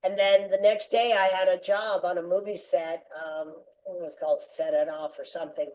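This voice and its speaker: Older female guest, lively storyteller who acts out quotes; low, warm voice. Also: moderate pace, rough recording. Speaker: interview guest. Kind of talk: storytelling in a podcast interview.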